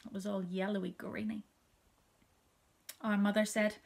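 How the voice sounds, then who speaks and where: A woman reading a children's story aloud, soft and gentle, often dropping to a whisper. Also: mid-range voice, level tone, a little slow, vocal fry, long pauses.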